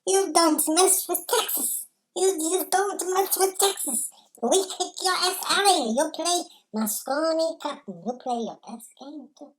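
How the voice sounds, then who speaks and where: A brash loudmouth with a put-on Aussie twang, as a man voices him, pitched high and squeaky. He heckles and mocks, leaning hard on every "mate". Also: rough recording. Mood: mocking heckle. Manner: mocking, heckling, drawn-out "mate".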